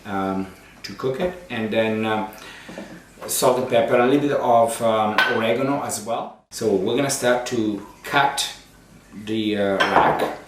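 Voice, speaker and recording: A man's voice: fairly low pitch, unhurried. Man, priest cooking host, chatty, playful, very echoey kitchen, distant mic, faint hiss. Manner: chatty, playful, full of ums and uhs. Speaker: priest hosting a cooking show. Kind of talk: casual cooking demonstration.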